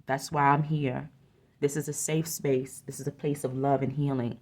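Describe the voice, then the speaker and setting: A woman's voice: rumbling low, little pitch movement, normal speed, darkish tone. A woman giving an oracle card reading, speaking earnestly and encouragingly and often repeating her phrases. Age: adult with a young son.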